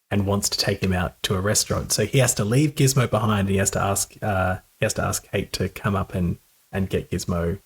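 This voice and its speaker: A man's voice: low-pitched, slightly rough. A man co-hosting a casual film-review podcast, chatty, laughing often and restarting his sentences. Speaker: podcast co-host.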